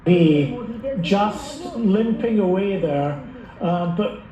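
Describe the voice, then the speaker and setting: Slow, high-voiced male news reporter. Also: animated, echoey room, crowd noise, rough recording.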